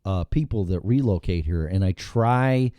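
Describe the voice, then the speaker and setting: Give me a male talk show host with a Chicago accent, low and mellow, chatting casually and swearing freely. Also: normal speed, dry recording. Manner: profane, animated storytelling. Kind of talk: casual chat.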